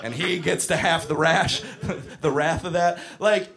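A man doing a stand-up routine, profane and animated, shouting his punchlines. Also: on the high side, a little slow, vocal fry. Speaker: stand-up comedian.

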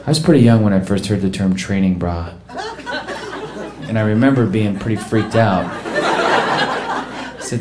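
A man's voice: lowish voice, a little slow, long pauses. A man doing an observational stand-up routine in a wry manner. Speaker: stand-up comedian. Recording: roomy club with loud crowd noise.

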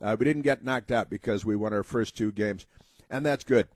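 A man's voice: fairly low pitch, moderate pace, a little mellow, no echo. An American man hosting a political talk show, rambling with many fillers and mocking put-on voices. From United States. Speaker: talk radio host.

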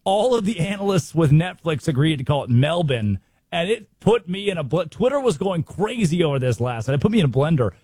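An American man hosting a sports talk show, brisk and opinionated, firing rhetorical questions. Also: a little high, very animated, a little mellow, breathy edge, no room sound. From United States. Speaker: sports radio host.

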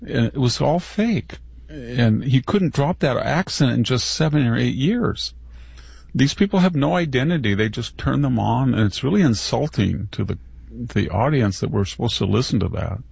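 A man's voice: mid-range voice, expressive, moderate pace, gravelly, a little mellow, breathy edge, no room sound. A man giving indignant, opinionated talk as a guest, often restarting mid-word.

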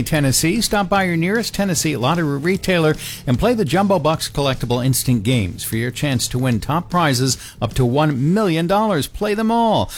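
A man giving a brisk, matter-of-fact radio traffic report with a sponsor read. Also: fairly high pitch.

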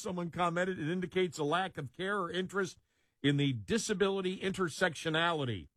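Guy reading a news story out loud on a talk show, kinda high voice, laughs between quotes, dry close mic. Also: brisk, no room sound. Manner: reads with frequent laughter and asides. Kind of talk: casual commentary, reading quotes aloud.

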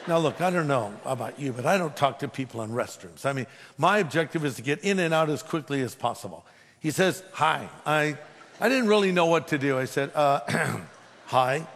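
A man's voice: a little high, expressive, fairly quick, a bit bright, slight background noise. A man who is a pastor, preaching a sermon with emphatic delivery and humorous storytelling. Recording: long hall reverb.

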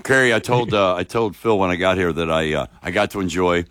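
A man co-hosting a sports talk radio show, telling stories in a rambling, halting way with many fillers. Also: deep voice, fairly bright tone, no echo, studio quality. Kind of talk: casual studio banter.

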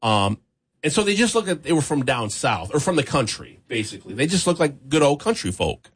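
A man's voice: mid-range voice, fairly quick, slightly rough. A man casually telling a long story on a talk show, full of fillers and restarts. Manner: rambling, animated storyteller with many fillers.

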